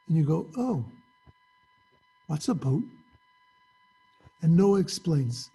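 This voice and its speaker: A man with a fairly high voice teaches a class over a video call. His voice is mellow and husky, and he tells stories with acted-out dialogue in a conversational way. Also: expressive, normal speed, long pauses.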